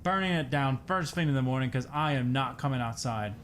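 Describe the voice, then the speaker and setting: A young male gaming streamer does let's play commentary on a horror game, joking to himself and letting out jumpy outbursts while sounding tired and yawning. His voice sits in the mid range with a fairly bright tone and moves a little fast. There's slight background noise.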